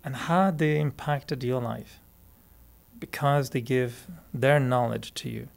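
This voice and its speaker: A man with a French Canadian accent, a native French speaker, teaching meditation in a relaxed, chatty way, laughing often and restarting sentences. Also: mid-range voice, slow pace, gravelly. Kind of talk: relaxed spoken talk to a group.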